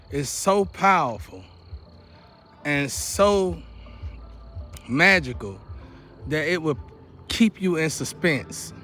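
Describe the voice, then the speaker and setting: High-voiced man in an impassioned monologue. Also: sharp tone. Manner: preachy, repetitive, building to urgent outcry. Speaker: vlogger. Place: outdoors near a porch.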